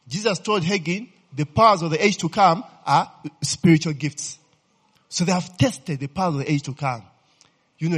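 A man's voice: a little high, breathy edge. A man preaching a sermon, constantly checking in with his listeners and asking them to fill in words. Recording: reverberant hall.

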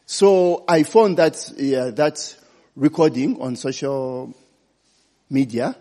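A pastor speaks slowly in a dark, mid-range voice, his words trailing in a long hall reverb. His sermon stays relaxed and conversational, with frequent "eh?" and "okay?" check-ins.

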